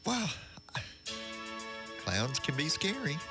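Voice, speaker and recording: A man's voice: fairly high pitch, huge pitch swings, slow pace, gravelly, music in the background. A man co-hosting a morning radio show, tossing in short joking replies during casual banter. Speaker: radio co-host.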